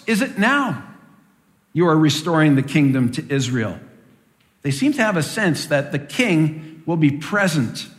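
Measured preacher with a long hall echo. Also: male voice, a little high. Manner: measured and deliberate, with rhetorical questions. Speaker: preacher teaching from Acts. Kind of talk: expository Bible teaching.

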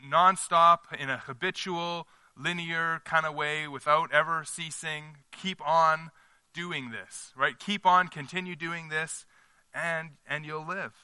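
A man's voice: on the high side, fairly even intonation, slow pace, pushed and bright, smooth, no room sound. A man leading a small-group Bible study in a conversational teaching style, putting questions to the group and checking in with them.

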